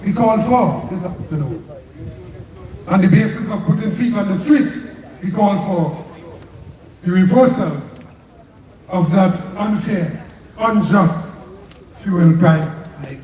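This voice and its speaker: Fiery Trinidadian union leader at a rally. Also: male voice, sits high, takes it slowly, pauses often, a little mellow. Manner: fiery, rhetorical, repeating slogans. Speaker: trade union president. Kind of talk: May Day rally speech. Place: outdoor street rally. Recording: echoey PA from far off with crowd.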